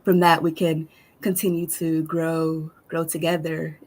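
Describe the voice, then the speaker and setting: Woman speaker, low flat voice, slow unhurried pace, halting with fillers. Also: low-quality recording. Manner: slow, soft-spoken, halting with many fillers. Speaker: guest speaker. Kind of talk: closing a virtual summit session.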